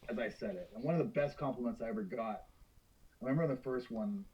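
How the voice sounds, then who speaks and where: A man's voice: medium pitch, expressive, darkish tone, slightly rough, dull audio. A middle-aged man, an actor guest in a casual interview, joking and playful. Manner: joking, playful, quick to laugh.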